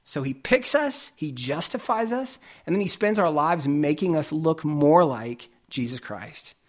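A male pastor preaching a conversational sermon, illustrating his points with everyday examples and moving between emphatic and quiet delivery. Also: on the high side, animated, measured pace.

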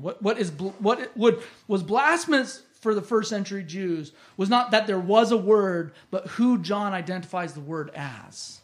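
An earnest Bible teacher explaining scripture in an emphatic way, often dropping the voice low on key phrases. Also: moderate pace, hardly any pauses.

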